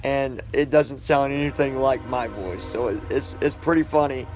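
A man's voice: mid-range voice, steady tone, moderate pace, a little mellow, faint music behind. A man vlogging casually outdoors, chatting and joking directly with his viewers in an upbeat, rambling way. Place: outdoors on concrete.

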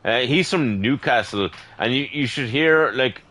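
A man's voice: mid-range voice, lively intonation, unhurried, a bit bright. Boisterous, swearing Irish man. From Ireland. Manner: boisterous, swears freely, joking banter. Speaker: gaming streamer. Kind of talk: casual voice chat while gaming.

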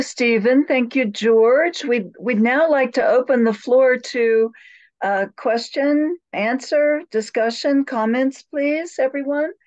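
A woman moderating an online discussion, opening the floor in a formal, deliberate way. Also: on the high side, a little mellow, no echo, dull audio. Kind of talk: chairing a discussion.

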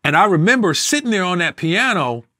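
A man sits as an interview guest and recalls his past with real feeling. His voice is a touch high, and the sound is dry and close to the mic. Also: big pitch swings, a little fast, sharp tone, no echo. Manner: emotional, sings snatches of a song while recounting. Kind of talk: storytelling in a sit-down interview.

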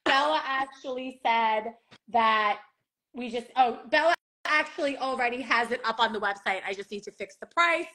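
High bright gushing New York woman. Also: normal speed. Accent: New York Long Island. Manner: gushing, swears freely, says "like" a lot. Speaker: host. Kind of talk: casual live-stream chat.

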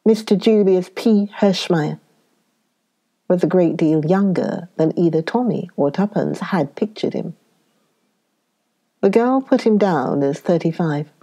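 Slow, mellow woman narrator. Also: on the low side. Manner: unhurried, measured reading. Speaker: story reader. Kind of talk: scripted narration.

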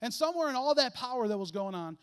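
A man preaching a lively, conversational sermon in a church, joking and acting out little voices and asides. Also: very high voice, fast, clean tone. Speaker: guest preacher. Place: church sanctuary.

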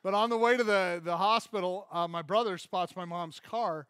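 A man preaching a sermon as pastor, telling a funny story from childhood with lively acted-out quotes. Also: high-pitched, normal speed, clean tone, no echo, studio quality. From Michigan. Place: church.

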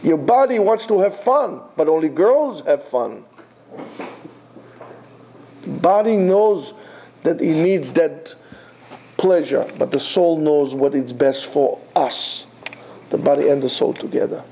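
Brief: male Torah teacher, a little high-pitched, mellow, emphatic with rhetorical questions. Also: animated, slow, pauses often, a little hiss or hum. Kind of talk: Torah class lecture.

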